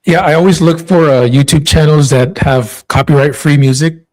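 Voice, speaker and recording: A man's voice: a little high, moderate pace, a little mellow, rough recording. A man co-hosting a live stream with brief, easygoing replies. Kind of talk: casual live-stream chat. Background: faint music.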